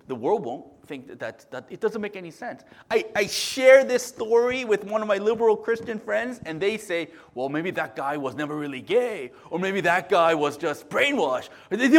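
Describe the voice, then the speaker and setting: High-voiced animated male preacher. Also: moderate pace, few pauses. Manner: animated storytelling, swinging between loud bursts and hushed murmurs; frequent "right?" tag questions. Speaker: pastor. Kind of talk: sermon.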